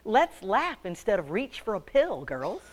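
Woman speaker, humorous sermon, very lively pitch, joking, calls on the audience. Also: measured pace. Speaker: women's ministry speaker. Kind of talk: humorous sermon to a women's group.

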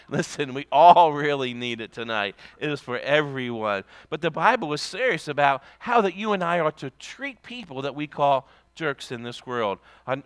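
A man's voice: medium pitch, fairly bright tone, clear, resonant tone, no room sound. A man serving as pastor, delivering a sermon in a conversational storytelling manner with folksy asides.

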